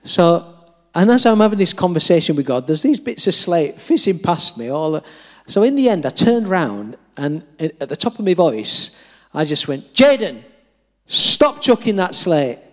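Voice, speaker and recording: A man's voice: a little high, very animated, normal speed. A middle-aged man preaching, telling a story animatedly and acting out the dialogue with self-deprecating humour. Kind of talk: storytelling sermon. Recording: long reverb of a large hall.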